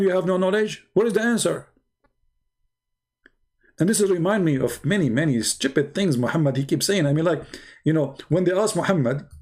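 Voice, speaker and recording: A man with a fairly high voice delivers a sarcastic, combative monologue on his own stream. He mocks and challenges his opponents, drops into slow deliberate asides, then jumps up into exasperated outbursts. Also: darkish tone. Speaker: live-stream religious debater. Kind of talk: polemic monologue.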